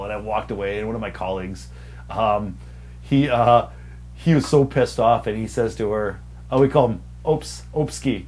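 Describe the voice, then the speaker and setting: A young man, a server and podcast co-host, telling a profane story and acting out customers in sudden high, loud bursts. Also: normal speed, a little hiss or hum. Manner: animated, profane, acts out customers in raised voices. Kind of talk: casual storytelling chat.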